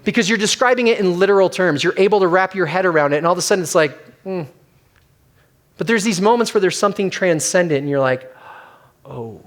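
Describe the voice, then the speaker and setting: Male pastor, middle-aged, higher voice, casual animated sermon delivery. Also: rapid-fire, hardly any pauses. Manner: conversational, animated storytelling with acted quotes.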